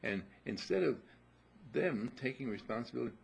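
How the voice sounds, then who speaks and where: A low, gravelly man giving a teaching talk to a group. He voices little scenes of parents and children and clears his throat now and then. His pitch moves a lot. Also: very animated, normal speed, a little hiss or hum, low-quality recording. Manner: acts out dialogues, clears throat often.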